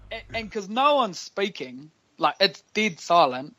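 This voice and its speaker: A man's voice: sits high, very animated, measured pace, few pauses, bright, forceful tone, a little hiss or hum. A man with a New Zealand accent, a podcast guest telling stories in casual, slangy chat and laughing often. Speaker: guest, professional rugby player.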